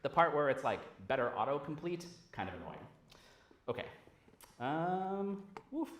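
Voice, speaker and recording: Man, conference speaker, casual and animated, swears a lot, roomy lecture-hall sound. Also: fairly high pitch, measured pace. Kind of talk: conference talk.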